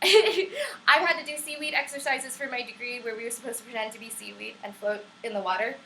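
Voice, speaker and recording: Bright-voiced, chatty young woman teaching singing. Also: a little high, a little fast, slight background noise, rough recording. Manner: chatty, wanders into tangents; upbeat and encouraging. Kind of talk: casual online voice lesson. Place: at home on camera.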